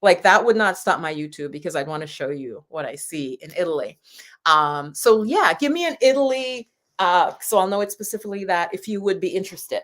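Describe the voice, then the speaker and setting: A woman's voice: fairly low pitch, fairly quick. Chatty woman hosting a live stream. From United States. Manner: chatty and warm, with frequent laughs and rambling asides. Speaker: YouTube channel host. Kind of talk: casual live-stream chat with viewers.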